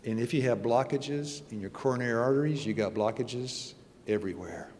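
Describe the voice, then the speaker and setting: A sixty-something church elder, there as a guest speaker, talks a little fast in a darkish, mid-range voice while giving a folksy, joking sermon with his personal testimony in a conversational manner. There's slight background noise and the long reverb of a church hall.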